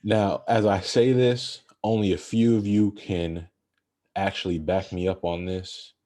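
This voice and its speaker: A young man co-hosting a podcast, chatting about basketball in a casual, animated, rambling way. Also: low voice, unhurried. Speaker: podcast co-host. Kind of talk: casual sports chat.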